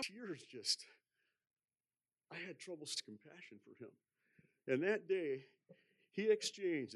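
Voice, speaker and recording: A man's voice: mid-range voice, dry recording, studio quality. A man in his sixties giving a personal testimony in church, rambling and chuckling as he tells his story. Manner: rambling, chuckling, self-deprecating.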